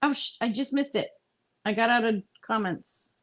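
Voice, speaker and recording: A woman's voice: a little high, moderate pace, a bit bright. A woman chatting as a guest on a gossip livestream, exclaiming and laughing in disbelief. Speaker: panel guest. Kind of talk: casual gossip chat.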